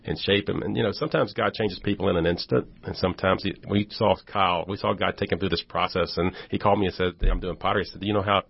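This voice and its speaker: Guest storyteller, male, gravelly, acts out quotes, dry close sound. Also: low-pitched, fast, hardly any pauses, no echo. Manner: animated storyteller who acts out quoted voices. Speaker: ministry volunteer guest. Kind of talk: casual storytelling interview. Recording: dull lo-fi audio.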